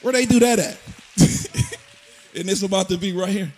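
A young man gives an excited, preacher-like tribute to his mother at a church event, repeating phrases as he builds up. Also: high-pitched, moderate pace. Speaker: son of the honoree, musician.

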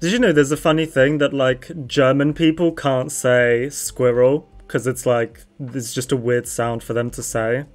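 This is a young adult streaming a game with a friend, chatting loosely and laughing often. The tone is playful and teasing, and the pitch sits squarely mid-range. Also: steady tone, unhurried, few pauses. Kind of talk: casual gaming chat.

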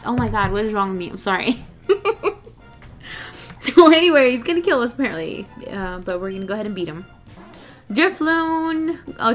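A young woman chatting excitedly through a let's play, groaning and laughing at the game. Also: medium pitch. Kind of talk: casual gameplay commentary.

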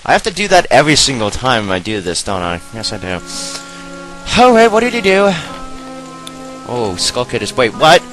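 A man hosting a let's play who comments on the game in an excitable, goofy, rambling way. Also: medium pitch, moderate pace, faint music behind.

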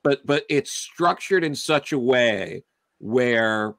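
A man's voice: mid-range voice, expressive, slow, fairly bright tone, no echo. A man on a film review panel, talking casually and rambling with many restarts and fillers.

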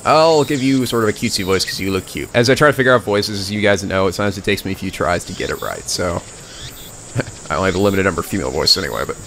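A man's voice: low voice, lively intonation, quick pace, fairly bright tone, slight background noise. A man hosting a let's play, rambling casually with frequent restarts and self-corrections. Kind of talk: gameplay commentary.

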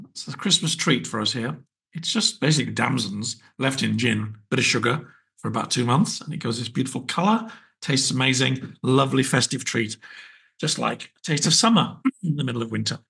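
Man, british host, casual wry chat, raspy, some vocal fry. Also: medium pitch, fairly bright tone. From Britain. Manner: chatty, wry, rambling with fillers. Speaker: podcast host. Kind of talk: casual solo podcast chat.

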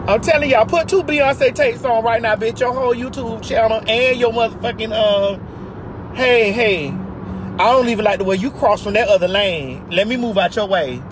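Woman vlogger, high bright voice, brash profane car rant, loud road noise. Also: normal speed. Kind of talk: casual driving vlog rant. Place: inside a car in city traffic.

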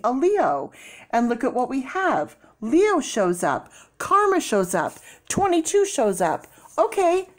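A woman giving a casual tarot reading, chatty with many fillers and sudden excited bursts. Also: a little high. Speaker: tarot reader.

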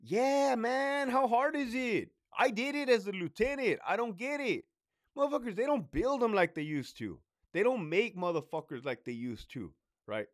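A former prison lieutenant in his thirties rants in a profane storytime style, laughing between points. His high-pitched voice is expressive and moves at normal speed, captured in a dry, studio-quality recording.

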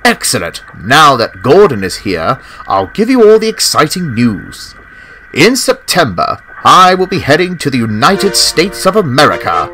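A cheerful, famous steam engine chatters brightly, as a man puts on a high, chirpy voice. His lines rise and fall in a lively way, with clear music playing underneath, like a storybook read aloud. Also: unhurried, full character voice, low-quality recording. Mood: excited.

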